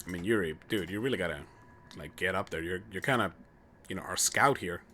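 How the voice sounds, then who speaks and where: A man's voice: sits low, fairly quick, sharp tone, slight background noise. A young man commentating his own gameplay on a live stream, chatty and joking as he thinks aloud. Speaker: game streamer.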